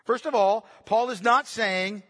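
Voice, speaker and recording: Man preaching, high voice, bright tone, emphatic and repetitive, quiet to loud swings, long hall echo. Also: unhurried. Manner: emphatic, repeats phrases for stress. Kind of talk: sermon.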